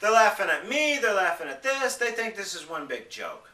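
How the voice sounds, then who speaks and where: A young man ranting to camera in an upset, emotional way, sometimes mocking other people in high voices. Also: big pitch swings, normal speed, sharp tone, reverberant, far from the mic. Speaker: vlogger. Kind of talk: upset personal rant to camera.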